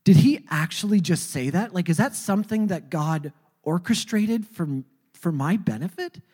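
A speaker recounts a personal faith testimony in a halting, conversational way, often doubling words before pressing on. The voice sits at an ordinary middle pitch. It rings with a long, hall-like reverb. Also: lively intonation, mellow, breathy edge. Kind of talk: personal storytelling.

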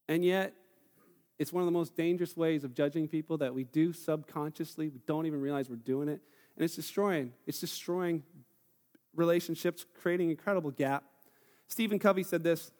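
A man preaching a sermon as pastor, telling stories in a lively way and acting out the voices of the people in them. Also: high voice, moderate pace, in a large hall. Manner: animated storytelling, acting out quoted voices. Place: church hall.

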